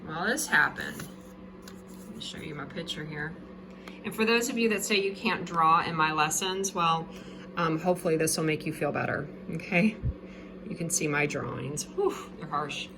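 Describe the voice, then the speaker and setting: A woman's voice: low voice, moderate pace, noisy background. A woman teacher giving a casual video lesson with her own drawings. She is chatty and jokey and keeps checking in with "okay?".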